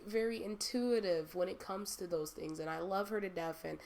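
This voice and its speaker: A woman's voice: lowish voice, moderate pace, vocal fry, a little mellow. A young woman hosting a personal monologue, heartfelt and rambling with many fillers. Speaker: host.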